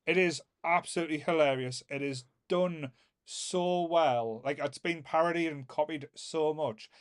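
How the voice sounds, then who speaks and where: A man co-hosting a casual podcast, speaking a little higher than most men. He gushes enthusiastically and keeps restarting his sentences. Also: a little slow, clean tone. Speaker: podcast co-host. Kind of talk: casual chat.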